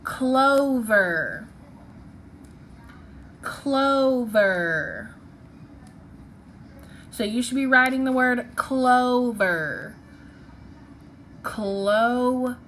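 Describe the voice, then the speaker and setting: A woman's voice: a little high, fairly even intonation, takes it slowly, pauses often, a bit bright, slight background noise. A woman teaching a phonics lesson, patiently sounding out syllables and letters one by one.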